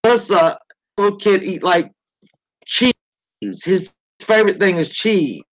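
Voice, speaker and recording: A woman's voice: mid-range voice, unhurried, muffled recording. A woman in her forties hosting a livestream in casual chat, joking and swearing freely as she rambles. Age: 40s. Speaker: livestream host.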